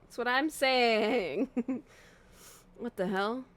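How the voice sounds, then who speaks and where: A woman's voice: on the high side, drawn-out words. A young woman streaming a horror game, chatting casually, easily startled and laughing. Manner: chatty, jumpy, laughs and shrieks at scares. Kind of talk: casual let's-play commentary.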